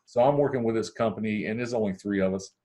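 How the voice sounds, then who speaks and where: Podcast guest: man from Ohio, low-ish voice, animated casual storyteller who acts out every line of dialogue. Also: fast. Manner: animated, acts out dialogue with big pitch swings.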